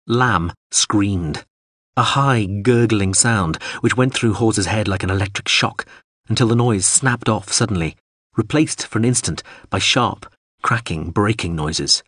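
Low, husky male audiobook narrator. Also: measured pace, no room sound, clean studio sound. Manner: steady, dramatic reading of an action scene.

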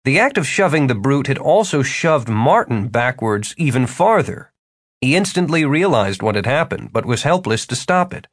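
Male audiobook narrator, steady storytelling. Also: medium pitch, normal speed, no echo, studio quality. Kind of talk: scripted fantasy narration.

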